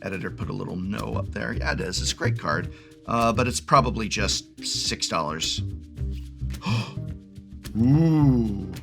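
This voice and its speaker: A man's voice: deep voice, a little slow, creaky, pauses often, over music. A man in his forties talking casually and enthusiastically as a card game video host, rambling and often restarting his sentences. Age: 40s. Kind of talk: excited unboxing chat.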